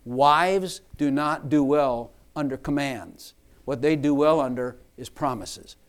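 A man's voice: medium pitch, slow. A man preaching a sermon to his church, emphatic, repeating and rephrasing lines for stress.

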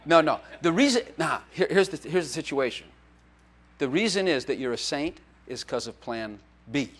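Male pastor, higher-pitched voice, giving a casual joking sermon in church. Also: animated, normal speed. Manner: joking, conversational preaching with playful acted quotes.

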